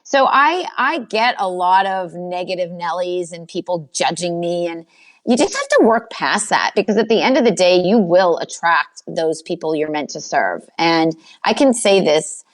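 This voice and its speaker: Brief: confident Boston-accented woman, quick talker, lower voice, podcast guest coach. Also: expressive. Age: older. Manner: fast-talking, self-assured. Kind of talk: podcast interview.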